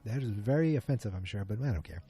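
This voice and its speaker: A man's voice: lowish voice, expressive, fast, warm tone, slightly rough. A man hosting a podcast, recapping a TV episode in a casual, rambling way, full of ums and self-corrections. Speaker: podcast host. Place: at home beside a muted streaming screen.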